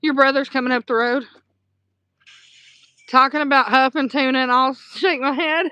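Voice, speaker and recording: A woman with a Southern US accent hosting a casual livestream from a dark room at home at night, chatting warmly and answering her chat aloud with pet names. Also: high-pitched, steady tone, moderate pace, clean tone, no echo. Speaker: livestream host.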